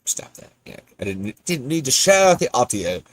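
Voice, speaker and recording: A man hosts a casual podcast livestream, wandering off mid-sentence and laughing as he goes. His pitch bounces around with lively swings. The sound is dry and close, with no room in it. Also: moderate pace, dry recording. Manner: rambling, self-interrupting, laughs often. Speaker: podcast host.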